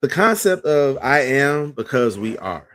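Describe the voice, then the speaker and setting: A man's voice: mid-range voice, very animated, measured pace, fairly bright tone. A man hosting a casual commentary show, talking conversationally with lots of fillers and emphatic points. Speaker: podcast host.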